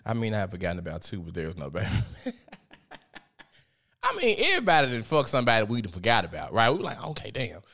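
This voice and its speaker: A man's voice: on the low side, wildly swooping pitch, fast, pauses often, pushed and bright. A man giving casual, profane, gossipy commentary as host, often laughing.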